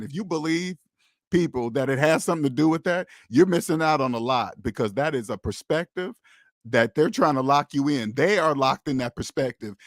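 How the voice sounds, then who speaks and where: A man's voice: medium pitch, dry recording, clean studio sound. A man hosting a casual livestream, talking to viewers in an emphatic, preachy way and repeating his points. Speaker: host of a personal finance livestream.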